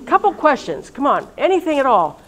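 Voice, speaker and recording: A woman in religious life gives a casual, lively talk at a college event and keeps turning to the audience with questions. Her voice sits fairly high. She sounds warm, chatty and at ease in front of the room. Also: brisk, a little hiss or hum, poor audio. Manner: chatty and lively, talks directly to listeners. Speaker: religious sister leading a reunion session. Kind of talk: informal talk to a live audience.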